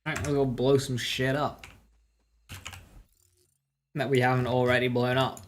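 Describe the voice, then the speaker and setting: A man's voice: medium pitch, little pitch movement, measured pace, slight background noise. A man streaming a game, thinking aloud about his build and greeting his chat viewers by name. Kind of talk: casual live-stream commentary.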